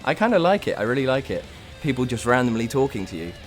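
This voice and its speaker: A man's voice: mid-range voice, quick pace, soft background music. A young British man in a rock band, telling a road-trip anecdote casually and laughing often. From United Kingdom. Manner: animated storyteller, laughs often. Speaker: band member.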